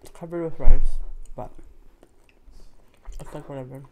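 A woman's voice: very deep voice, measured pace, warm tone, slight background noise. A middle-aged woman vlogger chatting casually to the camera while she eats, humming between bites. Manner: chatty, eating between words, frequent mm-hmms. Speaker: mukbang vlogger. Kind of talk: casual chat while eating.

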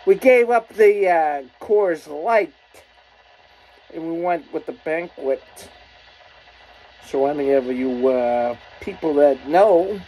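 A woman vlogger on a profane, rambling rant, sounding fed up and exasperated. She talks slowly and drawls her words, at a middling pitch. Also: a little mellow, poor audio. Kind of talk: casual profane rant to camera.

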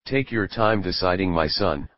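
A man reading the lines of a calm, fatherly old pirate captain in a storybook reading. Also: low voice, moderate pace, no echo, dull audio, natural voice.

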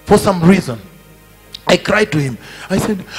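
Man, preacher, sermon, repetitive emphatic delivery, slightly high voice, reverberant hall, faint music. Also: expressive, a little fast. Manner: emphatic and repetitive, rising to shouted climaxes. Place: large conference hall.

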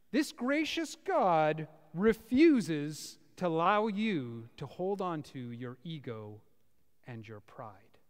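A male pastor preaching a sermon to a small congregation in a church, with a dramatic delivery that swings from loud to hushed. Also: high-pitched. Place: church, before about fifty people. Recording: reverberant church hall.

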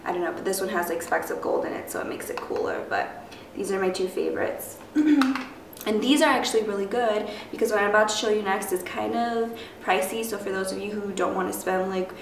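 A young woman chatting loosely through a beauty product review, her voice raspy because she has just woken up, full of fillers and rambling asides. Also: mid-range voice, fairly quick. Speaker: beauty vlogger. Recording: echoey room, mic at a distance, faint noise.

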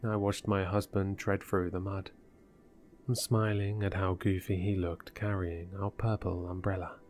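A man narrating a horror story in a measured, deliberate way. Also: deep voice, flat delivery, darkish tone, slight background noise.

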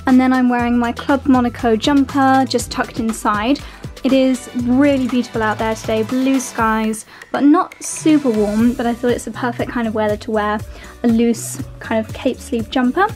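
Young woman vlogging, chatty and upbeat, kinda high voice, faint music behind. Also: steady tone, moderate pace, a little mellow. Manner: chatty, upbeat, rambling outfit descriptions. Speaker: fashion vlogger. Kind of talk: casual vlog narration.

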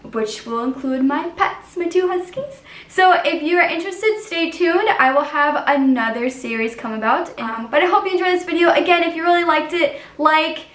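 A woman's voice: high-pitched, fairly bright tone. Earnest woman artist, roomy distant sound. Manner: earnest, encouraging, frequent "like" fillers. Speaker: artist, channel host. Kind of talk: casual vlog talk to camera.

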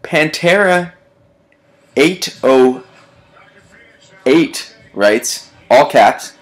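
A man's voice: a little high, expressive, drawn-out words, soft background music. Amused man reading comments aloud. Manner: amused, chatty, laughs often. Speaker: video creator reading comments. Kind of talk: casual chat.

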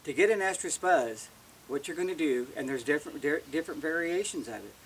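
A man's voice: a little high, expressive, brisk, far from the mic, slight background noise. A man giving a casual, plain-spoken how-to demonstration as an elk-calling instructor, often restarting words.

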